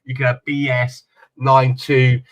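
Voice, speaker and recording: A man's voice: medium pitch, monotone, measured pace, no room sound, lo-fi sound. A man telling a long story in casual chat on a panel, rambling and repeating his words. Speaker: panel guest.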